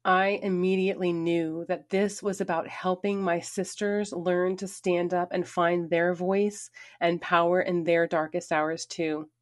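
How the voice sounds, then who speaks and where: A woman's voice: on the low side, level tone, unhurried, few pauses. Earnest woman telling her story. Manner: earnest, emphatic, shifting pace. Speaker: speaker sharing her story. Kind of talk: personal storytelling talk.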